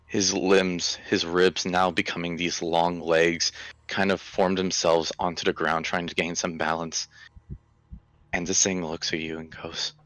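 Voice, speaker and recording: Deep voiced guy running a horror rpg, slow and bright, very dry sound. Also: little pitch movement, no room sound. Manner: slow, deliberate, vivid description. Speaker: game master. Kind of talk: narrating a horror tabletop game.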